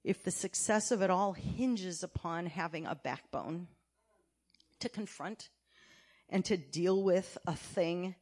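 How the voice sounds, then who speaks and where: A woman church elder preaching a sermon, emphatic, asking her congregation many questions and swinging between loud and quiet. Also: lowish voice, slow. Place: church sanctuary.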